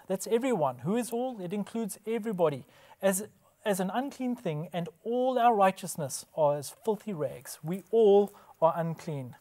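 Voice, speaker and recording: A man's voice: high-pitched, lively intonation, unhurried, darkish tone. A man giving a scripted religious presentation, emphatic, posing rhetorical questions and answering them himself. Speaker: Bible presenter.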